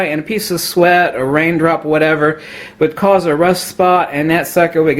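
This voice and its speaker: A man ranting about camera gear to the camera, lecturing emphatically, laughing at his own jokes and putting on a mock Australian accent. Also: high-pitched. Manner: puts on a mock Australian accent, says mate a lot. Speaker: photography vlogger. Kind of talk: opinionated gear rant to camera.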